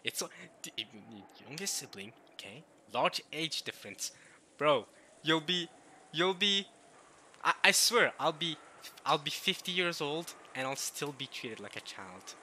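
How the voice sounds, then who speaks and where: Excitable young man with a bright, lively voice. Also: a little high, unhurried, a little hiss or hum. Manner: excitable, animated, stammers and laughs often. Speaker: let's play commentator. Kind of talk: reacting while reading a visual novel aloud.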